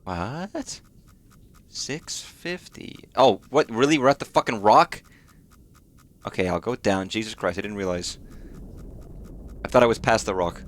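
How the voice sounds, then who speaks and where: Male streamer, low register, talks to himself while playing, swears a lot, casual. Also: moderate pace, pauses often. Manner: swears freely, startled muttering to himself. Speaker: game streamer. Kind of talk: casual gameplay commentary.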